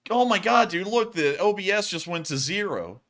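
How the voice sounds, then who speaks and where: A young man hosting a casual livestream and reading donations, animated and quick to laugh. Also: sits high. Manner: animated, laughs often, swings loud and quiet.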